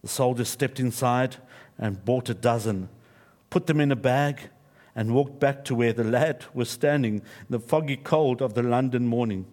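A man preaching in church, telling a story and leading a prayer in a steady, reverent voice. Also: mid-range voice, normal speed. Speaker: pastor. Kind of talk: sermon with storytelling and closing prayer.

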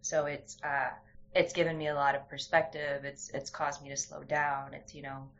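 Low-voiced woman telling candid stories. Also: little pitch movement, normal speed, a bit bright. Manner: candid, storytelling, many restarts. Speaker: guest. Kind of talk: casual conversation. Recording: dull lo-fi sound.

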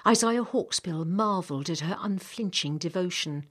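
A woman reading an audiobook in a measured, expressive narration. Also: on the low side.

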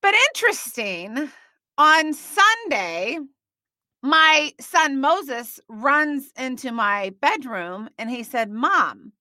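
Bubbly woman in her 30s hosting a faith podcast, high bright voice, dry close mic. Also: no room sound. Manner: bubbly, animated, quick asides. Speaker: podcast host. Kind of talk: chatty faith podcast storytelling.

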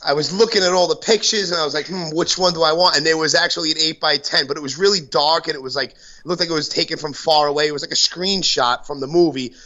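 Rambling Brooklyn man, bright lo-fi sound. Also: a little high, quick pace, few pauses. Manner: rambling storyteller, heavy fillers and swearing. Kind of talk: casual chat. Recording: dull lo-fi sound.

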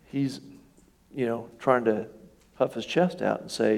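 Middle-aged male pastor, gravelly voice, casual conversational preaching that checks in with the room. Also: mid-range voice, steady tone, unhurried. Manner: conversational, asks the congregation questions. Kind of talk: sermon.

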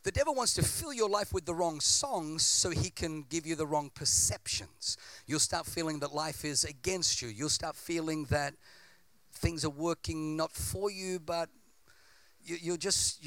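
A man's voice: a little high, measured pace, a bit bright, no echo. A man preaching a sermon with impassioned, repetitive build-ups.

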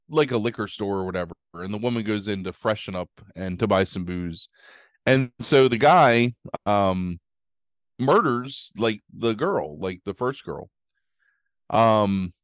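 A man's voice: on the low side, clean tone, no room sound, clean studio sound. A man chatting casually as a podcast co-host, rambling through a movie recap full of "like" and "um" while acting out quotes. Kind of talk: casual chat.

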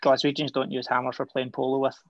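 A man joking on a casual live video chat, cheeky and full of quick banter. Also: medium pitch, completely flat delivery, dry recording. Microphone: video call. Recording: slightly dull video-call audio.

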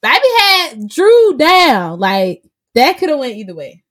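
A woman co-hosting a casual chat, talking in a laid-back, drawn-out way and laughing often. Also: high voice, sing-song, fairly bright tone, no echo. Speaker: podcast co-host reviewing wrestling.

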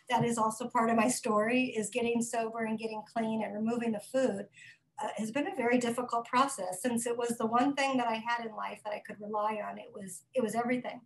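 A woman's voice: a little high, fairly even intonation, fairly quick, poor audio. A woman telling her own recovery story at a support meeting, speaking frankly with frequent restarts and fillers. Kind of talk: candid personal testimony.

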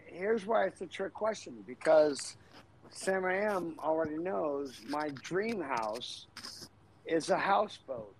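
Gravelly, joking man guest. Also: on the high side, animated, slow pace, a crowd in the background, rough recording. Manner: crude joking, laughs often. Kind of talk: casual chat.

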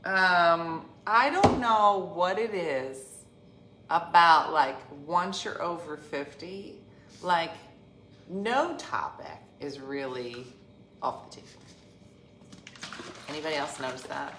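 Woman in her 50s, low voice, joking around to the camera at home, echoey room. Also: expressive, takes it slowly, long pauses. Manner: chatty and jokey, with frequent laughs. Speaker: vlogger. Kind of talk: casual morning chat to viewers. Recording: echoey room with clear background noise.

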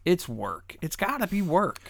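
A man co-hosting a podcast, swearing often and rambling through animated stories in casual banter. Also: high-pitched, unhurried, gravelly, no echo. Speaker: podcast co-host. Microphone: studio mic.

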